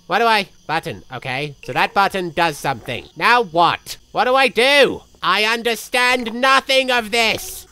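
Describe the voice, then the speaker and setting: A man's voice: high-pitched, expressive, a little slow, hardly any pauses, bright, forceful tone, clean tone, heavily acted. A man voicing a vain, flamboyant and dim-witted male villain in a comedic gameplay voice-over, speaking in a campy, boastful and theatrical way. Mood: confused.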